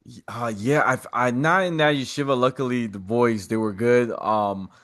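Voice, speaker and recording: A man who is a guest on a podcast, telling animated personal stories in a casual, slangy, streetwise way. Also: mid-range voice, moderate pace.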